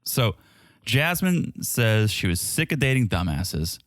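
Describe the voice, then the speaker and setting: A man's voice: lowish voice, sing-song, slow, dry recording, clean studio sound. A man co-hosting a podcast, recapping a reality show with wry, sarcastic commentary. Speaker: podcast co-host. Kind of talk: casual recap chat.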